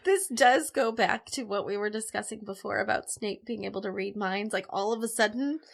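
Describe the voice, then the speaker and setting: A woman's voice: medium pitch, a little fast, vocal fry. Laughing woman co-hosting a book podcast. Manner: laughs often, teasing, firm opinions. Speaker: podcast co-host. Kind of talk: casual book discussion.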